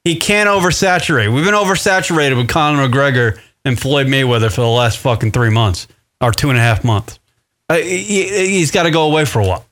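A man's voice: medium pitch, a little fast. A man hosting a radio talk show, chatting casually, rambling and swearing a lot. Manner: rambling, swearing often, animated. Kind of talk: casual chat.

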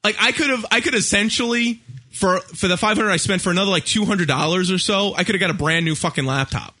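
A man's voice: high-pitched, fast talker, bright, forceful tone. A man hosting a talk show, ranting in a profane, exasperated way and acting out the people he quotes. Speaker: radio show host. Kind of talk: ranting casual chat.

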